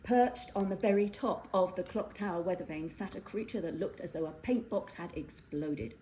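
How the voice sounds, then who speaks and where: A woman reading a whimsical fairytale aloud, playful and animated. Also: lowish voice, moderate pace, low-quality recording. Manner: playful, animated, with voiced characters. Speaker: storyteller. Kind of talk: storybook narration.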